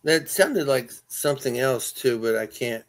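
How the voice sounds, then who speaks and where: A man's voice: mid-range voice, expressive, a little slow. A man co-hosting a live stream, putting in short, laid-back remarks during casual chat.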